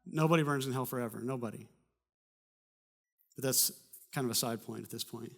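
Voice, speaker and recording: A pastor preaching a sermon, telling a personal story in a conversational way with humor and animated bursts. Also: male voice, mid-range voice, a little fast, vocal fry. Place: church.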